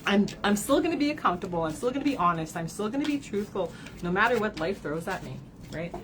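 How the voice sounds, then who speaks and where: A woman's voice: mid-range voice, sing-song, quick pace, slight background noise, low-quality recording. Tearful, candid woman card reader. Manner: candid, swears, often tags "right?". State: tearful at times. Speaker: card reader and spiritual advisor. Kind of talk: emotional livestream talk to followers.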